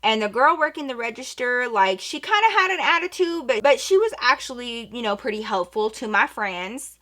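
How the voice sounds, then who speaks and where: A woman in her twenties casually telling a story while doing her makeup, animated and slangy, swinging from hushed asides to loud bursts. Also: fairly high pitch, normal speed. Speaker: vlogger.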